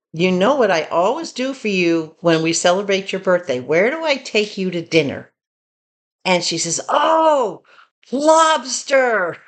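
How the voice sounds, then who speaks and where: An older woman, chatting casually in a home haul video, telling stories and talking to her dog. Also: fairly low pitch. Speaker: vlogger.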